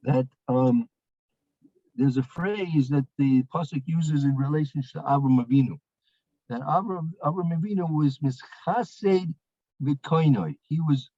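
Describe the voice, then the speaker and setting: A man's voice: fairly high pitch, unhurried, mellow, dry recording. Storytelling man with a dull, dry sound. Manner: storytelling, repeats phrases, many fillers and restarts. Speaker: Torah teacher. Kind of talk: weekly Torah portion lecture.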